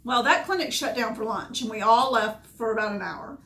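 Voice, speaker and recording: A woman's voice: fairly high pitch, moderate pace, fairly bright tone. A woman, a dog groomer candidly recounting past events in short, emotional bursts. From Georgia, USA. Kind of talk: personal storytelling. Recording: echoey room.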